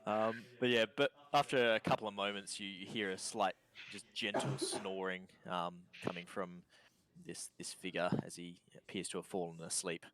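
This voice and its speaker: A man's voice: low-pitched, fairly even intonation, normal speed, a bit bright. A man with an Australian accent narrating a tabletop game as game master, repeating words as he goes.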